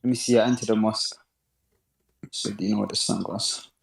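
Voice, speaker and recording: Gravelly man calling in from an echoey room. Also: lowish voice, fairly even intonation, a little fast. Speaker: caller. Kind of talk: debate call.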